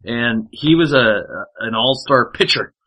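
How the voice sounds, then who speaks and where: Profane, bright-voiced male storyteller. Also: medium pitch, measured pace, poor audio. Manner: profane, rambling anecdotes with frequent fillers. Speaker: podcast storyteller. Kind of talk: casual chat.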